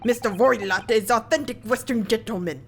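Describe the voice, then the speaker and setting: A woman's voice: mid-range voice, animated, normal speed, fairly bright tone, slight background noise, lightly acted. Lady putting on a russian sailor guy, broken english, bossy and curt, voice bouncing all over. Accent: put-on Russian. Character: gruff hostile male Russian ship guard. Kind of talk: reading game dialogue aloud.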